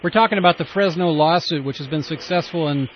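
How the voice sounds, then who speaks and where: A man's voice: fairly high pitch, quick pace. A male call-in host speaks in a slightly raised voice, patient and dry, restarting his sentences often. The audio is dull and lo-fi. A faint hiss runs underneath. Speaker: radio show host. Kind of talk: call-in radio talk.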